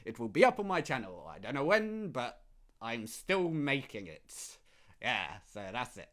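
A man's voice: mid-range voice, very animated, unhurried, a bit bright. A young man casually commenting on his own gameplay, rambling and often laughing. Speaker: gaming YouTuber.

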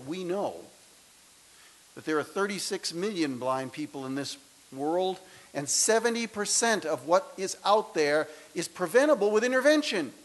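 A man in his sixties giving a motivational speech to students, his delivery swinging between loud emphasis and soft, intimate lines. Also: sits high, lively intonation, moderate pace, rough recording. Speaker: speaker. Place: lecture hall.

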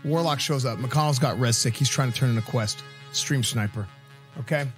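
A man's voice: mid-range voice, moderate pace, faint music behind. A man streamer hosting a recap, telling stories in a dramatic, punchy way. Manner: excitable, dramatic, punchy delivery. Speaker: streamer host. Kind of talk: animated recap storytelling.

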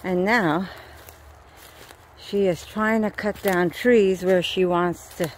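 A woman's voice: on the low side, fairly even intonation, takes it slowly, a little hiss or hum. Middle-aged woman vlogger, winded, rambling walk-and-talk outdoors, faint ambience behind. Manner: rambling, breathy asides while walking. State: tired and out of breath. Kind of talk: casual walking vlog. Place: outdoors in woods.

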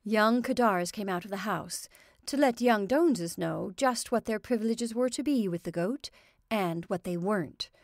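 A woman reading a classic short story aloud in measured, even narration. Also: medium pitch, no room sound, clean studio sound.

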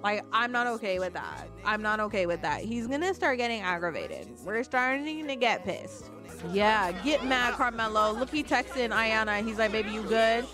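A woman giving casual, profane gameplay commentary, voicing her characters' thoughts in quick asides. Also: on the high side, over music. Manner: lively, swearing, voices characters' thoughts in asides. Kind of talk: casual let's play commentary.

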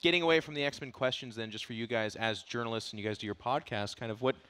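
A man's voice: mid-range voice, fast, a bit bright, clear, resonant tone. A man co-hosting a streamed interview on a convention stage, playful with wry asides. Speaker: stream co-host. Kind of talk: casual interview banter.

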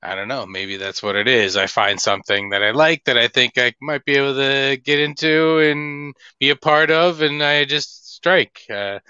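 A man's voice: mid-range voice, normal speed, hardly any pauses, sharp tone, clear, resonant tone, no echo. A man co-hosting a casual podcast, rambling in a meandering, philosophical, self-mocking way. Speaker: podcast co-host. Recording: dull lo-fi stream audio.

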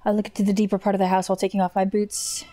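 A woman's voice: medium pitch, flat delivery, very fast, warm tone, slight background noise. A woman streamer playing a game, reading and translating its lines aloud with casual, swearing jokes between them. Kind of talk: casual let's play commentary. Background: faint game music.

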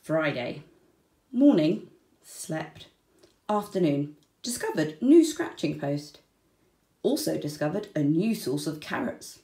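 A woman reading a children's storybook aloud, slow and deliberate, with soft, breathy word endings. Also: low-pitched, big pitch swings. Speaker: children's book reader. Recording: roomy echo.

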